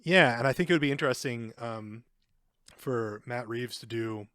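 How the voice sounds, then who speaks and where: A man's voice: mid-range voice, moderate pace, fairly bright tone, dry recording, clean studio sound. A man co-hosting a podcast, talking loosely and at length about a film, with lots of swearing and filler words. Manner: loose and rambling, heavy swearing, many fillers. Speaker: podcast co-host. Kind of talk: casual film discussion.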